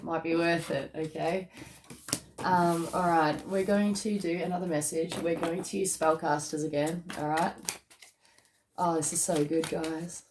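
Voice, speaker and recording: Woman, card reader, fairly low voice, chatty and emotional, keeps checking in with her listeners. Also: steady tone, unhurried, noisy background. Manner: chatty, tags lines with "okay?" and "all right?"; emotional, easily moved. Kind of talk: casual spiritual card reading to camera.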